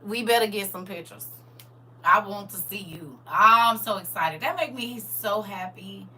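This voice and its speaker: A woman hosting a casual livestream, reading viewer comments aloud in a lively, colloquial way, laughing often and speaking straight to her audience. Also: mid-range voice, measured pace. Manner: colloquial, with church-style encouragement. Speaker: livestream host.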